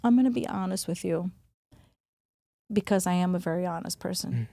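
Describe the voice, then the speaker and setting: A woman's voice: fairly low pitch, moderate pace, vocal fry, warm tone, dry recording. A woman guest on a podcast, speaking candidly and earnestly in a conversational interview, stressing words as she reflects.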